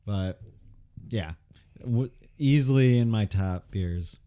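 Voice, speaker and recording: A man's voice: fairly low pitch, slow, dark tone, smooth. A man co-hosting a casual podcast, tasting beer and chatting enthusiastically with friends, often restarting his sentences. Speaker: podcast co-host.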